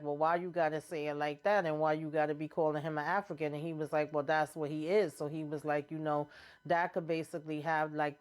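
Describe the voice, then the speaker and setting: A woman hosting her own channel, casually recapping a TV episode and acting out the characters' lines in slangy quoted dialogue. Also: deep voice. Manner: retells scenes in quoted dialogue, slangy and chatty.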